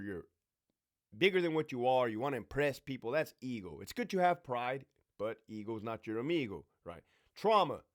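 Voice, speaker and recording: A man, a former prison officer, talking in a blunt, profane and swaggering casual monologue. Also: on the high side. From California.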